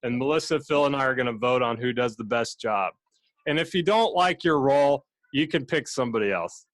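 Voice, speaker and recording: A man hosting a live game show over a video call, talking in a relaxed, chatty way with plenty of fillers. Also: medium pitch, fairly quick, dry recording.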